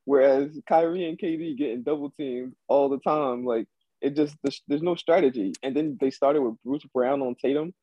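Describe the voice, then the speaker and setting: A man co-hosting a casual sports podcast, blunt in his takes and quick to agree. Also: mid-range voice, steady tone, dry recording, muffled recording. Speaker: podcast co-host.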